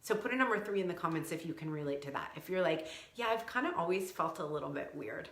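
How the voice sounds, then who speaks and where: A woman's voice: sits low, lively intonation, quick pace, fairly bright tone, roomy sound. A woman in her thirties, a coach for sensitive women, giving an effusive livestream talk straight to her viewers.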